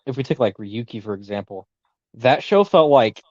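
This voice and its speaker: A man's voice: mid-range voice, expressive, moderate pace, no room sound. Rambling young man, dull dry sound. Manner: rambling, filler-heavy, laughs easily. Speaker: podcast co-host. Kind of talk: casual podcast chat.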